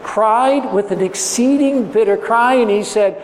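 A man's voice: high-pitched, unhurried, slight background noise. A man preaching a sermon, retelling a story and acting out the voices in it. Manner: acts out quoted voices, drops to soft tones. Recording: echoey hall with faint ambience.

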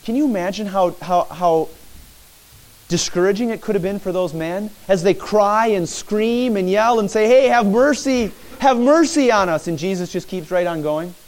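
Animated high-voiced male preacher. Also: normal speed. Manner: animated preaching, acting out shouted pleas. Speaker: pastor. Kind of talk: sermon.

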